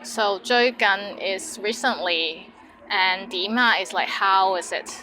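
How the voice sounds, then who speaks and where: A woman's voice: medium pitch, slow, sharp tone, a little hiss or hum, poor audio. A woman teaching Cantonese words, saying each word twice and then giving example sentences. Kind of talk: language lesson.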